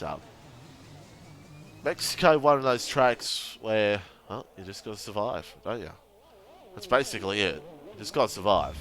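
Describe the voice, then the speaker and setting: A man's voice: fairly low pitch, a bit bright, slight background noise. Chatty laughing male race commentator. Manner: chatty and laughing, banters with chat and co-hosts. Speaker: sim racing league commentator. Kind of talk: casual live stream commentary.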